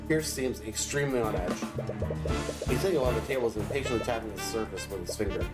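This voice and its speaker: A male streamer reads a story game's narration aloud at a middle pitch, dropping quick joking asides between lines. Loud game music plays the whole time behind his voice.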